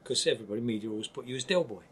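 An older East London man with a Cockney accent, his mid-range voice animated and racing, speaks bluntly and emphatically as an interview guest. It's candid talk, and he keeps restarting his sentences.

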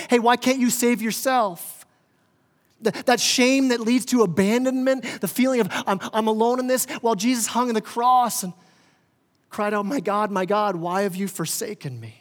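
A male pastor preaches in a high, lifting voice, surging loud and then sinking quiet, repeating words as he builds. His voice carries a long reverb in a church hall. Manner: impassioned, rising and falling in volume, stammering restarts. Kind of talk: sermon. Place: church sanctuary.

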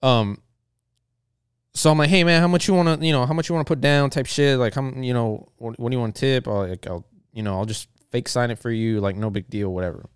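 A man's voice: mid-range voice, fairly even intonation, quick pace, clear, resonant tone, no echo, studio quality. A man who works as a bartender telling a story as a rambling, profane rant full of filler words.

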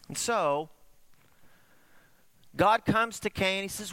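Male pastor, sermon delivery, lively storyteller, fairly high bright voice. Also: unhurried, long pauses, dry recording. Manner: animated storytelling, swooping between high and hushed.

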